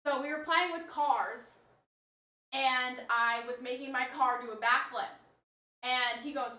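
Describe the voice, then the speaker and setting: A woman's voice: high-pitched, fairly even intonation, measured pace, bright, forceful tone. A woman streamer chatting casually on a live stream, rambling and answering her chat as she goes. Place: home, room with snake enclosure. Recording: roomy, distant mic.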